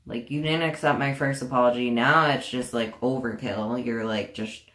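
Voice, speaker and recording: A woman's voice: a bass voice, fairly even intonation, moderate pace, fairly bright tone. Profane young woman in an echoey room. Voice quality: profane, indignant, sarcastic. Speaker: vlogger. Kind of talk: casual storytime chat.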